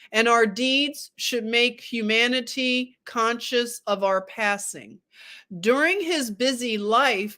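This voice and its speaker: Slow-reading woman with a high voice. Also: sharp tone. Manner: reads aloud slowly, breaking off to joke with viewers. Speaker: host. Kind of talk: casual book discussion, reading aloud.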